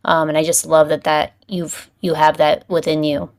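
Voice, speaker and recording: A woman hosts a podcast interview, earnest and encouraging in her questions. Her voice is very low and smooth. A gravelly fry runs through it. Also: flat delivery, normal speed. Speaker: podcast host. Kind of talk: interview conversation.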